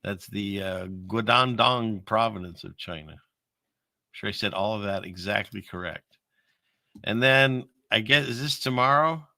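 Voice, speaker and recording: A man's voice: on the low side, slow, creaky, pushed and bright, dry recording, clean studio sound. A man hosting a show, rambling wryly through video clips and talking to his chat. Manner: rambling, wry, talks to chat. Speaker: show host. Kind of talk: casual commentary on video clips.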